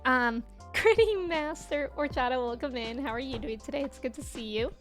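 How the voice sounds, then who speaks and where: A woman's voice: high voice, normal speed, fairly bright tone, faint music behind. A young woman in her twenties streaming a game, chatting casually with viewers and laughing often. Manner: chatty, laughs often, reads chat aloud. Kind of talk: casual chat while gaming.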